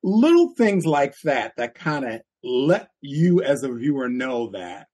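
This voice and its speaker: Husky man on a chatty podcast. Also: mid-range voice, measured pace. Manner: animated storytelling, acts out quotes with laughs. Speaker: podcast co-host. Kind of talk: casual podcast chat.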